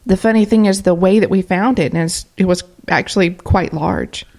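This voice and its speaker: A woman's voice: mid-range voice, normal speed, a little mellow. A woman co-hosting a paranormal radio show who tells a story in a chatty, rambling way with many fillers. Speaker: co-host. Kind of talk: casual podcast chat.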